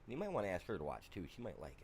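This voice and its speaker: A man's voice: low voice, huge pitch swings, racing, darkish tone, a little hiss or hum. A man streaming a farming game, chatting casually with viewers in a rambling way, full of "you know" asides. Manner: rambling, talks to chat, lots of "you know". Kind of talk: casual gaming livestream chat.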